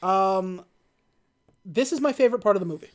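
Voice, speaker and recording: A woman's voice: mid-range voice, moderate pace. A woman co-hosting a podcast, casually recapping a film and acting out its scenes in funny voices. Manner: animated, acts out movie scenes in funny voices. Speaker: podcast co-host. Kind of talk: casual movie recap chat.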